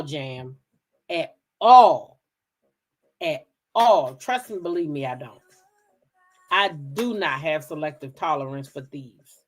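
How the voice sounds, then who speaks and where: A woman from the DC hosting a casual livestream, telling stories straight to her viewers in an animated, profane way. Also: fairly low pitch. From Kensington, Maryland, near Washington DC. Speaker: livestream gossip host. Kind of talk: casual chat with live viewers.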